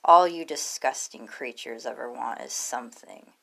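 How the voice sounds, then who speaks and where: A woman voicing a wise, wary captive dragon that speaks firmly and quietly in a read-aloud story. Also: very deep voice, moderate pace, vocal fry, exaggerated voice, rough recording. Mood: stern. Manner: firm, quiet and solemn.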